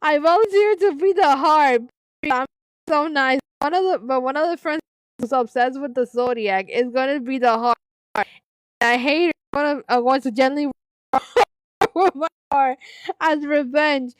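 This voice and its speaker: A woman with a voice that sits high speaks a little slowly in a dry, rough recording. Hosting a live stream, she reads online posts aloud and comments on them, giggling and breaking into frequent fits of laughter.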